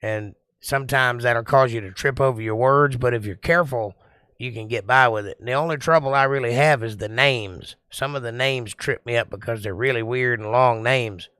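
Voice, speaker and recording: Slow-talking man hosting a livestream. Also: medium pitch, sharp tone, clean tone, no room sound. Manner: slow, deliberate, sing-song delivery. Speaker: livestream host. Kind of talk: casual chat reading viewer comments.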